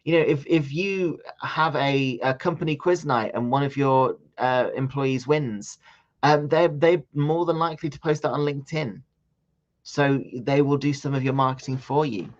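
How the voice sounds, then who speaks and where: A man's voice: medium pitch, moderate pace. A man leading a training session on social media marketing, talking it through in a loose, conversational way with frequent ums and restarts. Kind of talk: live online training session. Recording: slightly dull lo-fi audio.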